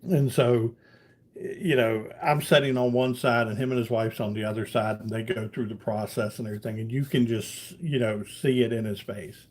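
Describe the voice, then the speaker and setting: A man in the middle of his pitch range chats loosely on a live stream. He greets viewers and reads their comments aloud, then drifts into long, meandering anecdotes with many "you know"s. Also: steady tone, moderate pace, a little mellow. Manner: rambling storyteller, leans on "you know". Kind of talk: casual live-stream chat.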